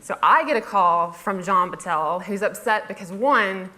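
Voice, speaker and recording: A woman's voice: mid-range voice, moderate pace, pushed and bright. Wry woman telling a story on stage. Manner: wry, self-mocking, laughs through her lines. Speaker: conference speaker. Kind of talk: humorous storytelling talk. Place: festival stage before a laughing audience.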